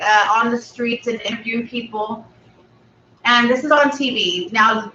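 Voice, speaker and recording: Chatty woman with a bright, slow voice. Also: on the high side, a little hiss or hum. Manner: chatty, rambling storyteller with fillers. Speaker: mukbang channel host. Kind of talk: casual chat retelling a film plot. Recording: echoey room, slightly dull, from a distance.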